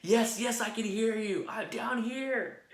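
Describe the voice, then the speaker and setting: Man putting on a desperate stranded man, high strained yelling, pleading, echoey room. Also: moderate pace. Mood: frantic pleading. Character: panicked man clinging to a cliff branch. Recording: roomy echo.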